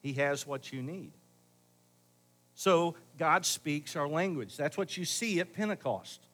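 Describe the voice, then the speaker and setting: Brief: middle-aged man, pastor, a touch high-pitched, conversational sermon with loud pushes and soft asides. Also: lively intonation, a little slow. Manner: conversational, varying loud emphasis and quiet asides.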